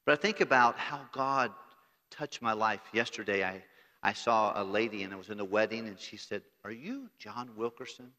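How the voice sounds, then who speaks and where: A middle-aged American man preaching a sermon, swinging between loud declarations and quiet, intimate storytelling. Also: normal speed. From United States. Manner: earnest preaching, voice swelling loud then dropping low and intimate. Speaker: pastor. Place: large church sanctuary. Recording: long hall reverb from the sanctuary.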